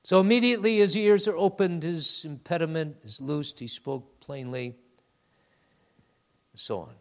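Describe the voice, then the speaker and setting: A man preaching a sermon to his congregation, calling them beloved and swinging between loud emphatic peaks and hushed, low asides. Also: normal speed, vocal fry.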